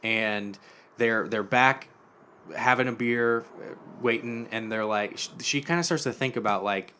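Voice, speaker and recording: A young man co-hosting a podcast, casually retelling a TV episode and acting out the characters' lines in quiet quoted voices. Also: on the low side, normal speed, slight background noise. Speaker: podcast co-host.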